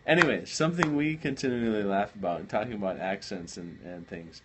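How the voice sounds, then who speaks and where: A man's voice: lowish voice, fairly quick, background noise. A man co-hosting a late-night livestream, casually chatting, joking and teasing. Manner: joking, teasing, laughs a lot. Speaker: livestream co-host.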